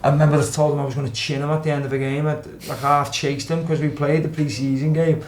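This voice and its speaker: A man's voice: fairly high pitch, little pitch movement, fast talker, slight background noise. A young man with a Scouse accent, a former footballer on a podcast, telling stories casually and acting out the quotes. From Liverpool, England. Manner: swears freely, acts out quotes. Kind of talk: casual storytelling. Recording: roomy with faint background ambience.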